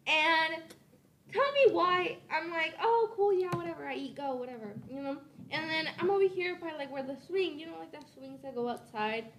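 A teenage girl co-hosting a school podcast, telling a story in a giggly, animated way. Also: very high voice, moderate pace, a little hiss or hum. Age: teens. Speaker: student podcast co-host. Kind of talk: casual chat, storytelling.

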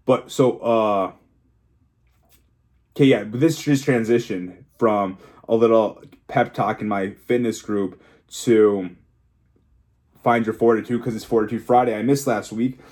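A man's voice: medium pitch, a little mellow. A young man talking frankly and emotionally in a solo vlog, rambling, restarting and swearing freely as a fitness coach. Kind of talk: candid solo vlog monologue.

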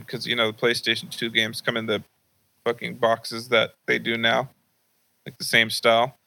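Man storyteller, casual and profane, bright tense tone. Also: medium pitch, level tone, moderate pace, gravelly. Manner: profane and rambling, full of fillers.

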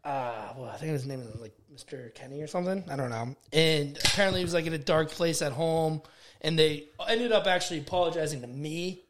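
A man's voice: on the high side, brisk. A man in his twenties, co-hosting a podcast, tells a rambling, profane story in casual chat. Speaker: podcast co-host.

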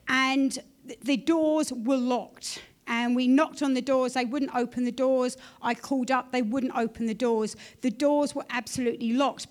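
A woman pastor telling a church testimony in an animated storytelling way. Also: high voice. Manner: animated storytelling, acts out her own quoted prayers.

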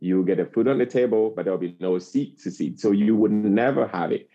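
A man in his forties from Africa speaks as an interview guest, earnest and passionate, repeating phrases for emphasis. His voice is on the low side, fast and warm in tone. The lo-fi recording sounds slightly dull.

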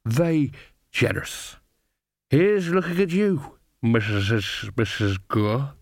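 A man's voice: medium pitch, lively intonation, slow pace, dry recording, studio quality. A man doing a slurring drunk old coachman. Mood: tipsy. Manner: slurred, fumbling words.

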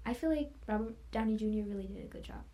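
A woman's voice: mid-range voice, quick pace, mellow. A woman guest in a casual chat, talking in a chatty way with many fillers and sometimes dropping to a whisper.

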